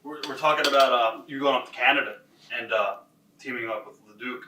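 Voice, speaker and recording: Guy hosting, asks fast questions, sounds far from the mic, faint noise. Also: mid-range voice, echoey room. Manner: quick follow-up questions. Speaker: interviewer, host. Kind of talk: interview questions.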